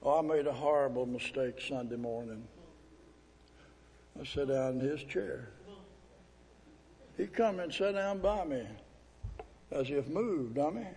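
A man preaching a sermon as pastor, pleading and emphatic, drawing out scripture verses slowly. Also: medium pitch, dark tone. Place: church sanctuary. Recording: echoey hall with long reverb.

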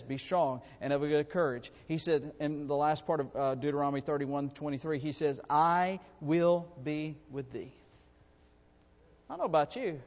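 A high-pitched man preaching in a church, his voice ringing with long reverb from the hall. He moves between loud, rising exhortation and quiet asides. He stretches out his scripture readings slowly. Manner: reads scripture in slow, drawn-out phrases. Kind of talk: sermon.

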